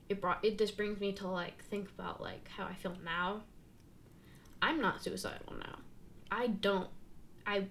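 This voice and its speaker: Young woman guest, casual halting delivery, faint hiss behind. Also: mid-range voice. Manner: halting, many fillers and restarts. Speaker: guest sharing her story. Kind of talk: candid casual conversation.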